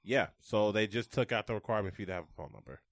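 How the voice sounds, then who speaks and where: A man co-hosting a casual gaming news chat, sarcastic and animated. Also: on the low side, rapid-fire, no room sound, clean studio sound. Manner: sarcastic, animated, puts on mocking voices. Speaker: podcast co-host.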